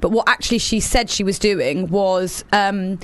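A woman's voice: mid-range voice, measured pace, fairly bright tone. A woman hosting a radio show, chatty and teasing in casual banter, laughing often.

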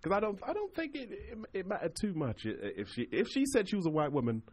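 A man co-hosting a casual chat, animated, laughing often and stumbling over repeated words. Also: high-pitched, fast talker.

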